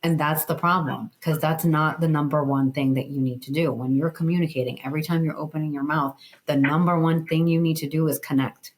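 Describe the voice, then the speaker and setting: A woman talking as a guest in a casual interview, explaining her points in an animated, emphatic way with plenty of "like". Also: deep voice, a little fast, hardly any pauses, low-quality recording. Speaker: guest, communication educator.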